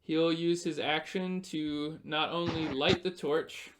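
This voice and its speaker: A male game master narrates a tabletop fight at an unhurried pace. His voice sits a little high, and he stops often to explain the rules. The delivery is casual and patient. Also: fairly even intonation, noisy background.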